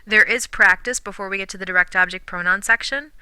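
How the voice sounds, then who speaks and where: A woman teaching a recorded language lesson, patiently explaining grammar and slowly sounding out example words. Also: mid-range voice, pushed and bright, no echo. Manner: clear, patient explaining with slow modeled pronunciations; drops to a whisper when counting syllables. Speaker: Spanish teacher.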